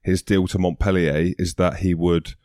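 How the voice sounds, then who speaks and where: A man co-hosting a podcast, chatting casually about rugby with excitable banter. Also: sits low, moderate pace, dry recording, clean studio sound. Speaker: podcast co-host, rugby pundit. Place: podcast studio.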